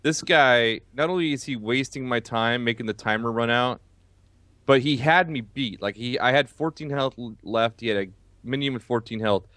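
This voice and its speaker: A man co-hosting a casual gaming podcast who complains in an animated, indignant way while he plays. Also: medium pitch, normal speed, no echo. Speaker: podcast co-host.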